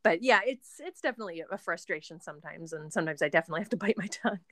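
A woman's voice: fairly low pitch, expressive, rapid-fire, a bit bright, no room sound, studio quality. A young woman, a homeschooling mother, chatting in an interview with a rambling, filler-heavy way of talking. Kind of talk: casual interview chat.

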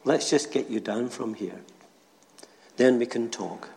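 A man voicing God as a calm, gently reassuring presence, recorded in a church. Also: mid-range voice, vocal fry. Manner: calm and unhurried. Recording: long church reverb.

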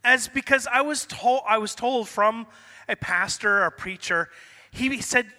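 A man's voice: very high voice, a little slow, bright, forceful tone. A middle-aged man preaching a sermon in a casual, conversational way, acting out the dialogue from a personal story. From Canada. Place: church hall. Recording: long reverb of a church hall.

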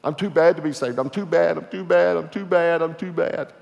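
A man voicing a burly man with a rough past who sobs and pleads, repeating himself, with long hall reverb. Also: a little high, brisk, a little mellow, dull audio, voice pushed up. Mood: pleading.

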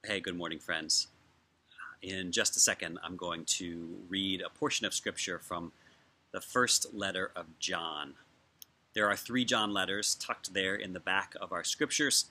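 A man, a pastor giving a sermon and reading scripture slowly and gently. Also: deep voice. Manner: gentle, unhurried, reads scripture slowly and softly.

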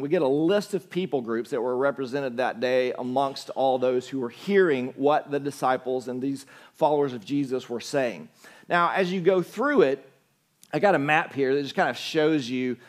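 A young adult man with a Southern US accent, preaching a sermon as a pastor in a conversational storytelling manner. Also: a little high.

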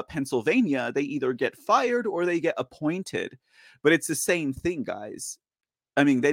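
A man hosts casual political commentary with a rambling, chuckling delivery, often checking in with his listeners. His voice sits somewhat high. The sound is close and dry, with no room echo. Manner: rambling, chuckling, keeps saying "okay?" and "guys". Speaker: host.

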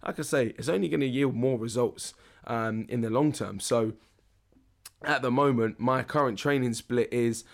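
A man's voice: mid-range voice, normal speed. A man, hosting a casual podcast as a fitness coach, talking frankly with many restarts. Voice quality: husky. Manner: frank, rambling, lots of restarts and fillers.

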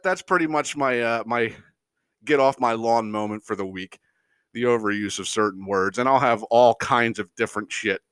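Lively, foul-mouthed man ranting. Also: medium pitch, smooth, no echo. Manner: profane, exasperated, mocks people in quick impressions; rambling, unscripted, frequent fillers and chuckles. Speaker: podcast host. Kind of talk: casual comedic rant.

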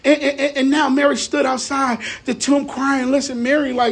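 High-voiced man preaching a sermon. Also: normal speed. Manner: lively, conversational, repeats words.

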